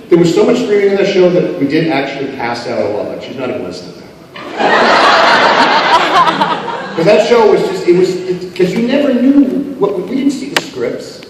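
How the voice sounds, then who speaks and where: A man from Canada joking with the audience at a convention panel Q&A and breaking now and then into shouts. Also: high-pitched. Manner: joking, shifts into bursts of shouting. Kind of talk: lively convention Q&A banter. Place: large convention hall. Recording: echoey convention hall, distant mic, loud crowd. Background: audience noise and cheering.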